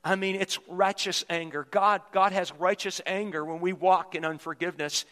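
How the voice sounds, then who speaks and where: A man's voice: high-pitched, fairly even intonation, normal speed, sharp tone, in a large hall. A man preaching a sermon as pastor, emphatic and repetitive as he builds his points. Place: church sanctuary.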